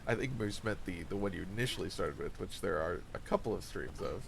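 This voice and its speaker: A man streaming a game, chatting casually and thinking aloud in halting bursts as he plays. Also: low-pitched, expressive, creaky, background noise. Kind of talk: casual chat while gaming.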